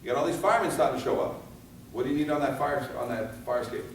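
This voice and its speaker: A man giving a fire safety seminar, animated and firing rhetorical questions at his audience, recorded in a seminar room. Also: mid-range voice, racing, a little hiss or hum. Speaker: fire escape safety instructor. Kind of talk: seminar lecture. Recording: echoey hall from far off.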